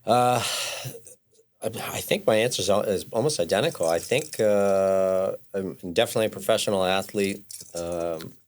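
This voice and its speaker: A man co-hosting a podcast in casual talk, halting and stumbling over his words, joking around. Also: low voice, darkish tone. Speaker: podcast co-host. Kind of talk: casual interview chat.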